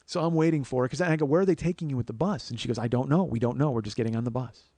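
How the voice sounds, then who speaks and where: A man's voice: mid-range voice, racing, no room sound. A man in his forties hosting his own podcast and telling a long comic story about his day. He slips into the voices of everyone he talks about and curses freely, often starting sentences over. His voice sits in a medium range and is recorded close and completely dry. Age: 40s. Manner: animated, acts out both sides of conversations; swears casually, frequent restarts. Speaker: podcast host. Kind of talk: solo comedic storytelling.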